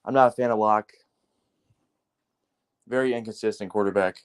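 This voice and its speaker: A man's voice: fairly low pitch, moderate pace, clean tone. Profane, heated man ranting about football. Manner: profane, heated, animated ranting with frequent fillers. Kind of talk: casual sports rant.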